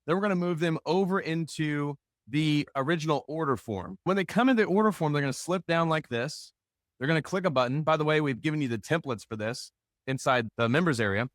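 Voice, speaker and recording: A man teaching a live marketing workshop, energetic and joking, swinging between loud and soft. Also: fairly high pitch, no echo, studio quality. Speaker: marketing instructor. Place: room with a live audience.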